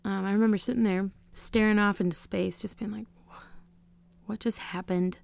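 A woman's voice: medium pitch, steady tone, fast, creaky, a little mellow. A woman in her thirties, a podcast guest, telling a personal faith story in an earnest, emotional way. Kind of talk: personal testimony.

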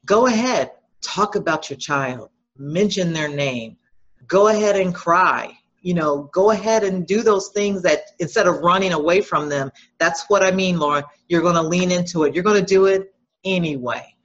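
A middle-aged woman, a guest in an interview, speaking in a reflective, gentle and advising way over dull lo-fi remote audio. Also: on the low side, normal speed. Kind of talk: conversational interview.

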